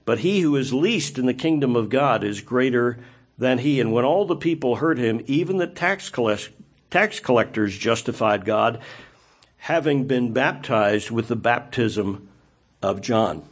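A man's voice: mid-range voice, lively intonation, unhurried, breathy edge. A man preaching a sermon in a conversational style, full of rhetorical questions.

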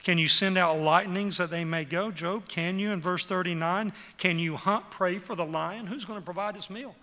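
A man's voice: sits high, normal speed, bright, forceful tone, big-room sound. A man preaching a sermon with emphatic, rhetorical questions.

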